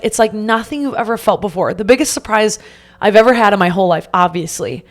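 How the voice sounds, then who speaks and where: A young woman hosting a podcast, retelling her own story in a casual, animated way and acting out the quotes. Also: medium pitch, fairly quick, slight background noise. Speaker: podcast host.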